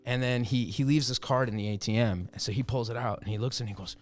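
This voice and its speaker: A man's voice: mid-range voice, quick pace, a little mellow, soft background music. A man telling a story as a podcast guest on a bar stage, acting out the voices of the people he quotes. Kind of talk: casual storytelling.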